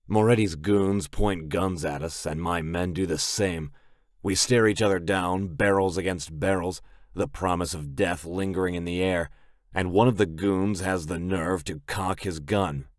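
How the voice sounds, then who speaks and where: A man reads a gritty audiobook in a very deep, gruff voice, intense and clipped. The recording is close and dry, with no room sound. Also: no room sound. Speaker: audiobook narrator. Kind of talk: scripted first-person narration.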